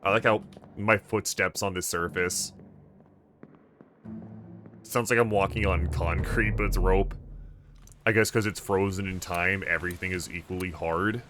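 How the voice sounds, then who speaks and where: A man's voice: sits low, steady tone, measured pace, pauses often, noisy background. A man streaming a game, thinking aloud in a hesitant, musing way. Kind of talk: casual gameplay commentary.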